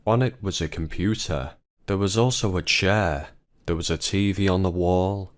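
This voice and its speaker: A man narrating a family drama story in an even, plain storytelling manner. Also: sits low. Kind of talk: scripted narration.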